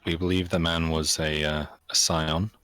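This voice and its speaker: A man playing a tabletop game, speaking hesitantly and politely in character with many pauses. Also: a bass voice, flat delivery, fairly bright tone, clean tone. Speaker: player.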